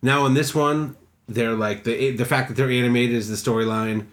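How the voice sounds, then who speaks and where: A man co-hosting a podcast in casual chat, relaxed and conversational, casually swearing. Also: medium pitch, normal speed. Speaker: podcast co-host.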